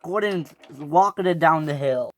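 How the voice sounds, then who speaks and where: A storyteller moves through a homemade toy train adventure at a slow, deliberate pace. The delivery halts often, with restarts and fillers as the plot is made up on the spot. The voice sits in an ordinary middle pitch. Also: slight background noise. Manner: halting, frequent restarts and fillers. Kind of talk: improvised storytelling with toys.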